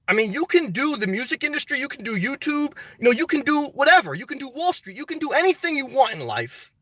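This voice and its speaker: A high, lively male voice with a bright, forceful edge. He hosts a motivational livestream, emphatic and repetitive, calling viewers brother and swearing casually. Close and dry, with no room sound. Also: fast, no echo, rough recording. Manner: emphatic, repeats key phrases, calls viewers brother. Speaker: livestream host reading viewer comments.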